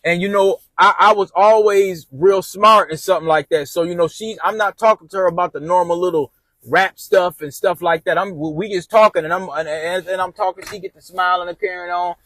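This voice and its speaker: A man's voice: sits high, a little fast, a bit bright, dry recording. A man telling a rambling personal story casually, repeating and restarting phrases as he goes.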